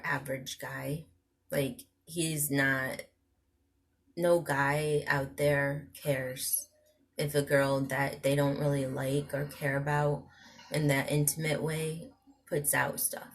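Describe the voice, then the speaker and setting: A woman's voice: low voice, slight background noise. A young woman vlogging a rambling, emotional personal confession, full of restarts and asides.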